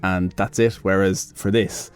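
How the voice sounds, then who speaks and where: Man, mild Irish accent, low, easygoing radio guest, faint music bed. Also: steady tone, a little slow, smooth. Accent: Irish, softened after years in England's neighbour isle. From Ireland. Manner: rambling, self-deprecating, laughs often. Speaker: actor guest. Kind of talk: casual interview chat.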